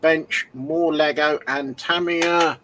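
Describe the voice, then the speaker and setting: A man co-hosting a casual livestream chat, relaxed, mostly giving short replies. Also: fairly high pitch, takes it slowly, a little hiss or hum, low-quality recording. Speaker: livestream co-host.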